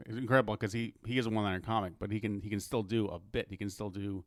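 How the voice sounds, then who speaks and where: A man's voice: on the low side, steady tone, racing, dry recording, studio quality. An American man from New Jersey, a comedian guest chatting casually, rambling and poking fun at himself with many restarts. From New Jersey, USA. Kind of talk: casual podcast chat.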